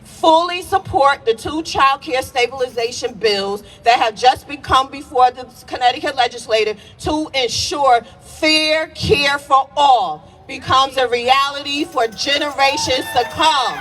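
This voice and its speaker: Woman reading a statement outside, highish voice, far from the mic, some music. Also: unhurried, few pauses, fairly bright tone. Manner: earnest, ends by leading a chant. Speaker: rally speaker. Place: outdoor rally on a city green. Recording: distant outdoor mic.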